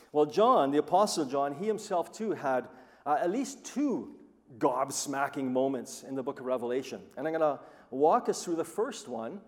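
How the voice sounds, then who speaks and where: A man preaching a sermon who tells stories with animated, acted-out quoted voices. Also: mid-range voice, in a large hall. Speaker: pastor.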